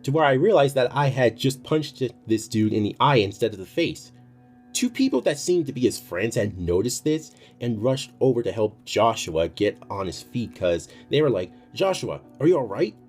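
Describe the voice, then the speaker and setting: Brief: deep-voiced male storyteller, casual and profane, faint music under him. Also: sing-song, normal speed, darkish tone. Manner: casual, swears freely. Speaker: storytime youtuber.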